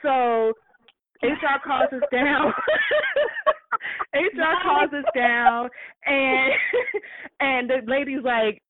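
A woman telling a workplace story in casual chat, animated, swearing freely and often breaking into laughter. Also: high voice, drawn-out words, long pauses, no echo. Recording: thin phone-like dry sound.

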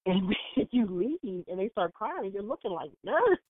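Animated storytelling woman, tinny line. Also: mid-range voice, normal speed, dry recording. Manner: animated storyteller, big laughs, acts out quotes. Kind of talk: casual chat. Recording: tinny phone-like line, dry.

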